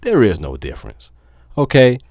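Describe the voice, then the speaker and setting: A man, a DJ talking casually to his viewers, filling pauses with "um", then turning animated and emphatic. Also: mid-range voice, no echo, clean studio sound. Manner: laid-back with many fillers, then animated and emphatic. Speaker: DJ and vlogger. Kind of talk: casual talk to camera.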